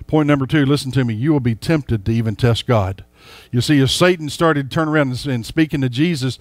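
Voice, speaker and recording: Folksy pastor preaching. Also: male voice, on the high side, expressive, fast, no echo. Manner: folksy, emphatic, addresses the congregation directly. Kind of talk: sermon.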